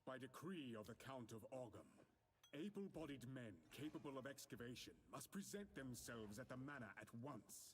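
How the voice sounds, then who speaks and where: A formal male herald reads out a lord's orders in a stern, even voice, voiced by a man. His delivery is measured and official, heard as video game dialogue. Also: mid-range voice, a little hiss or hum, close to an everyday voice.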